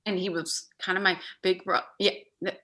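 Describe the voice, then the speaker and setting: Bright giggly woman from Texas. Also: on the low side, flat delivery, normal speed. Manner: giggly, playful. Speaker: panelist. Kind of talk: casual comedic chat.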